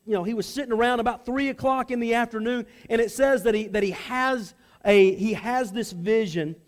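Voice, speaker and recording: A man with a high-pitched voice delivers a sermon to a congregation. He talks conversationally and often repeats words as he restarts a phrase. He slips into acted-out voices for the people in the story. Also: fairly quick. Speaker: preacher.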